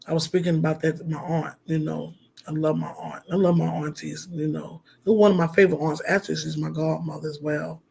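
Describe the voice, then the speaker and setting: A man's voice: on the high side, little pitch movement, a little fast, vocal fry, a little mellow, slightly rough. A middle-aged man, a minister, talking heartfelt and rambling on a casual livestream, with lots of fillers.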